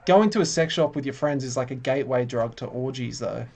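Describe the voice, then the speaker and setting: Playful self-deprecating podcast co-host. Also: male voice, mid-range voice, brisk, darkish tone. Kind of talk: casual podcast banter.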